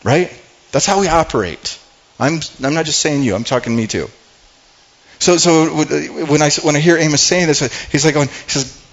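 A man's voice: fairly high pitch, moderate pace, lo-fi sound. A pastor preaching a sermon in a conversational way, often repeating words and restarting his sentences.

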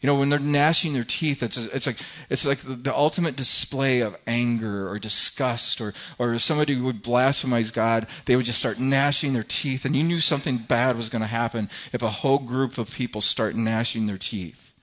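A man's voice: mid-range voice, moderate pace, hardly any pauses, dull audio. A man preaching a sermon to a congregation, retelling a scripture story with dramatic quotes that rise in force, often repeating words as he goes. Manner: animated preaching, rising loud when quoting scripture, stumbling repeats. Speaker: pastor.

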